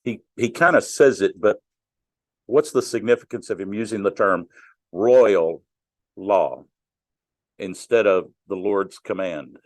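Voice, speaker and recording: A man's voice: fairly low pitch, measured pace, pauses often, dry recording. A middle-aged man teaching a Bible class in a conversational way, asking the class questions and joking with them. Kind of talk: interactive Bible study teaching.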